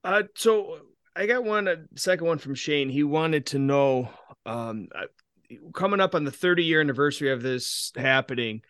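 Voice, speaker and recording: A man with a smooth, clear voice hosts a podcast and reads out listener questions, dropping in the odd filler. The sound is dry and close. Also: fairly high pitch, animated, moderate pace, a bit bright, no room sound. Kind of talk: casual podcast chat.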